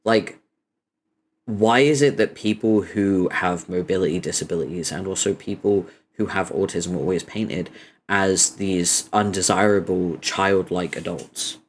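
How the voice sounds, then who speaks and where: A young man chatting casually on his stream, swearing freely and breaking into frequent laughter while telling stories. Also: unhurried. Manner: animated storytelling, laughter rising high in pitch.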